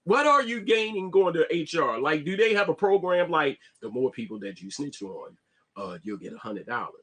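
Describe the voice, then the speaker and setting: Animated man with a lively high voice. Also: normal speed. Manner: animated, repeats "you see what I'm saying", stammers on restarts. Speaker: vlogger. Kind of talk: casual live-stream monologue.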